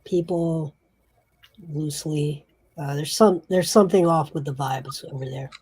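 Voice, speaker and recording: A woman running a fantasy tabletop game as game master, narrating slowly and haltingly. Her voice is lower than most and mellow, with a husky, breathy grain. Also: steady tone. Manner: halting, many fillers and restarts.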